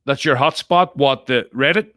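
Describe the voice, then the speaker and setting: A man's voice: medium pitch, moderate pace, a bit bright, no echo, studio quality. A man hosting a podcast, chatting casually with guests, self-interrupting and laughing often. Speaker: podcast host. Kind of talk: casual group chat.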